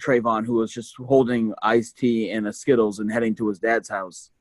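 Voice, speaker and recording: A man's voice: level tone, normal speed, no room sound, poor audio. A man co-hosting a podcast, speaking with fervent conviction and climbing into exasperated outbursts. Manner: fervent, rising to exasperated high pitch. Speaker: podcast co-host. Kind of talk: impassioned podcast rant.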